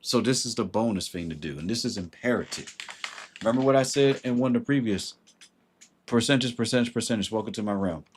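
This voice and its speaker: A man's voice: mid-range voice, fairly quick, a little hiss or hum. A man hosting a livestream and giving blunt, emphatic advice in a casual way. He greets viewers by name as he talks. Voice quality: husky.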